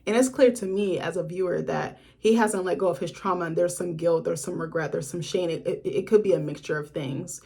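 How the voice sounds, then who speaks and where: A woman's voice: fairly low pitch, a little fast, gravelly, hardly any pauses, a little mellow, breathy edge. A woman casually reviewing a horror film in a vlog, chatty and frank, with sassy asides and free swearing.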